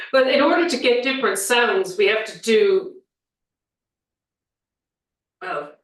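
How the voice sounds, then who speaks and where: A woman vocal coach chatting in an interview, talking in an animated way and sometimes showing vocal sounds. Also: a little high, takes it slowly, distant mic. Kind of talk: casual interview chat. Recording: roomy, set back from the mic.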